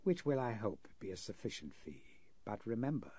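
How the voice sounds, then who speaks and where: A man voicing a sinister older male kidnapper who speaks in a quiet, half-whispered, cold way with a nervous giggle, in a 1930s radio drama. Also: lowish voice, sing-song, husky, no echo. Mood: menacing. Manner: quiet, slow, coldly threatening.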